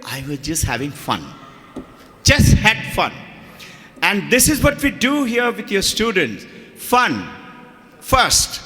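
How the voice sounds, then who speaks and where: A man's voice: high-pitched, wildly swooping pitch, slow, pauses often, sharp tone. An older man with an Indian English accent, a school head telling anecdotes to parents and acting out the voices in them. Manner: storytelling, acts out quoted voices. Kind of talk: anecdotal speech to an audience. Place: school hall. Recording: reverberant hall.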